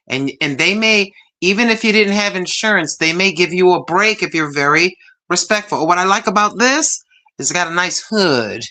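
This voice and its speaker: A middle-aged woman hosts a live stream and talks in a chatty, animated way, laughing as she tells stories. Her voice is bright and forceful and sits a little low. She sounds like she is having an easy conversation with a friend. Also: moderate pace. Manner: chatty, animated storyteller who laughs often. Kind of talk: casual live stream chat.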